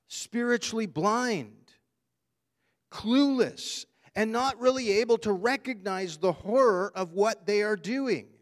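A man preaching a sermon, earnest and emphatic, repeating his key phrases for weight. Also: high-pitched. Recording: long hall reverb.

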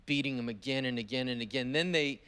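A man, a pastor, preaching a sermon, telling a story vividly and stressing words with slow, deliberate pauses. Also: medium pitch, fairly bright tone, clear, resonant tone.

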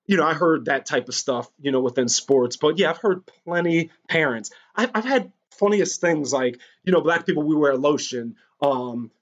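A man's voice: a little high, expressive, moderate pace, hardly any pauses. A man speaking candidly in an interview, telling personal stories in a rambling way with frequent fillers and restarts. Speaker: guest recounting personal experiences. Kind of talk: candid conversational storytelling. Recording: dull lo-fi recording.

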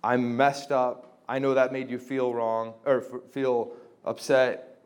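A man's voice: medium pitch, little pitch movement, slow, clean tone. A young man giving a casual teaching talk to a group on reconciling relationships, chatty and full of fillers, acting out quoted conversations. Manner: conversational, many fillers, acts out quoted exchanges. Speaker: Christian formation teacher.

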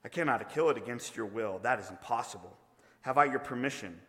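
A man voicing a calm, stern angel who speaks slowly and gravely. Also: medium pitch, voice pushed down, close to an everyday voice. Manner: slow, measured, grave. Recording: long reverb of a large hall.

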